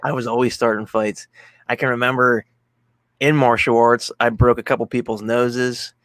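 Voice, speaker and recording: A man in casual podcast chat, telling profane, animated stories as a guest co-host. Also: mid-range voice, normal speed, no room sound.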